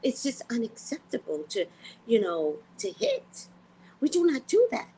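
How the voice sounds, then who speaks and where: A woman's voice: fairly high pitch, huge pitch swings, a little slow, warm tone, a little hiss or hum, voice pushed up, full character voice, poor audio. A woman voicing a prim, self-righteous suburban mother who lectures about good behavior. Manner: prissy, proper, lecturing.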